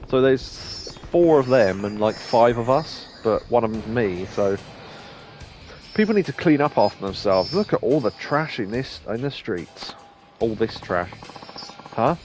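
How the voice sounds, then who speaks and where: A man's voice: mid-range voice, a little mellow. A young man streaming a game, reading its dialogue aloud between rambling, chuckling asides. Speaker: let's play streamer. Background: faint game music.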